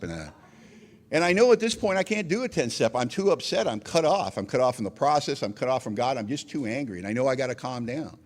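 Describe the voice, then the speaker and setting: A man sharing his recovery story at a meeting, self-mocking and acting out scenes, swinging between loud outbursts and quiet reflection. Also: medium pitch, expressive, fairly quick, in a large hall. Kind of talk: animated storytelling talk.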